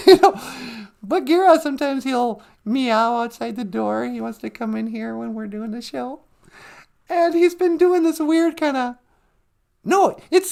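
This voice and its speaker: A woman's voice: high-pitched, lively intonation, moderate pace, vocal fry, a little mellow. A woman co-hosting a casual live stream, laughing often as she chats and reads out viewer comments. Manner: laughs often while talking. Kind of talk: casual chat with chat readers.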